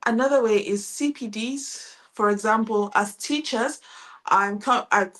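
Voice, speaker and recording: A middle-aged woman, an international teacher, giving calm, reflective advice as a guest in a podcast interview. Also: on the high side, measured pace. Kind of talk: casual interview chat.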